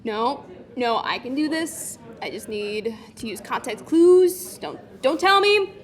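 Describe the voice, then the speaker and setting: Brief: high-pitched woman, teasing co-host, playful comedic banter. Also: expressive, takes it slowly.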